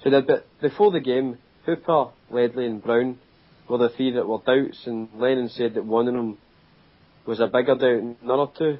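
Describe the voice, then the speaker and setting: A man's voice: mid-range voice, moderate pace, lo-fi sound. A Scottish man giving plain, matter-of-fact football analysis on a casual podcast. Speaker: podcast co-host.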